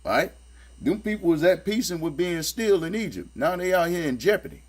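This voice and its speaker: A man's voice: expressive, fairly quick. A man giving casual spoken commentary as he reads and critiques scripture, talking in a streetwise, sarcastic, emphatic way and repeating his points. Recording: low electrical hum behind the voice.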